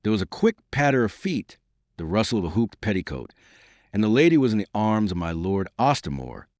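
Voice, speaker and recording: Male audiobook narrator, low voice that swings widely, dry close sound, theatrical read. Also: brisk, no room sound. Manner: expressive, theatrical reading. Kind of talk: scripted narration.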